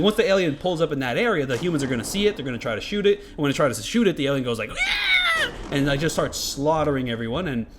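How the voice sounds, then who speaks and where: A man's voice: a little high, a little hiss or hum. A man giving casual, rambling gameplay commentary, swearing freely and filling his talk with "like" and "you know". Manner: rambling, profane, lots of fillers. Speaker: gaming commentator.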